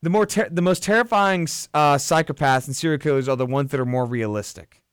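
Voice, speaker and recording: A man co-hosting a casual film podcast, rambling with lots of restarts and addressing listeners as ladies and gentlemen. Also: on the high side, brisk, clean tone, dry recording, clean studio sound. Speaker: podcast co-host.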